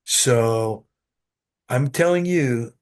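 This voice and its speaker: A man guest, an actor, telling animated stories in an interview with frequent restarts, heard over a video call. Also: medium pitch, drawn-out words. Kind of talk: interview storytelling.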